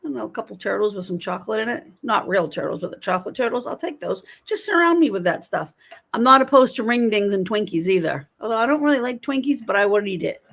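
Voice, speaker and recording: A woman's voice: mid-range voice, lively intonation, fast talker, vocal fry, a bit bright. A woman in her fifties hosting a casual livestream from home, chatting animatedly and reading viewer comments aloud. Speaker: livestream host.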